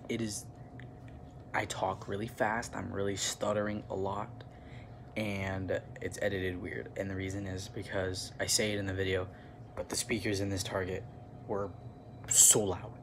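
A young man vlogging while out hunting for toys, rambling quickly and raising his voice over loud music in a big store. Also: sits low, flat delivery. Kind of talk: casual vlog chat. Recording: noisy store sound behind.

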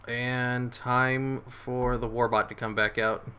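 Man, gamer commentary, excitable, cursing, bright clear voice, home desk mic. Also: medium pitch, slow pace. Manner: excitable, swears, laughs often. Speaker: gaming streamer. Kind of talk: live game commentary.

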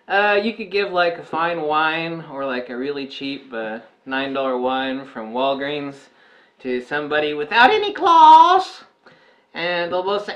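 A man's voice: on the high side, expressive, measured pace, a bit bright. Man, photography vlogger, casual talk to camera, rambling, lots of uh and um, jokey asides.

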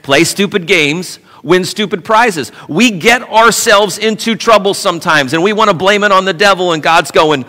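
A man preaching a sermon as pastor, animated and conversational with playful asides. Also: sits high, normal speed, hardly any pauses, long reverb tail. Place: church sanctuary.

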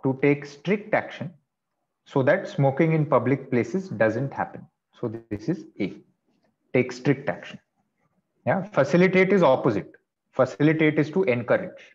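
Man, online class teacher, patient explanations, slightly dull video call sound. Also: mid-range voice. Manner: explains patiently, chatty asides.

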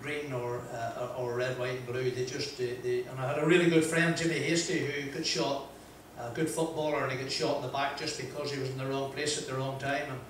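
A man's voice: medium pitch, fairly quick, few pauses. An older man with a broad Northern Irish accent from Ballymoney, telling humorous stories as a speaker at an event and acting out the dialogue. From Northern Ireland. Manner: broad, lively anecdotal delivery, acting out dialogue. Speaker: motivational speaker. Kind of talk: humorous storytelling speech. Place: event venue with audience. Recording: echoey hall, distant mic, faint noise.

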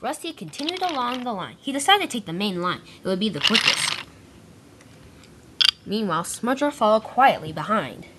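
A woman's voice: fairly high pitch, very animated, normal speed, very noisy. A woman narrating a toy-train story, often stumbling and correcting herself as she reads. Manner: stumbling, self-correcting reading.

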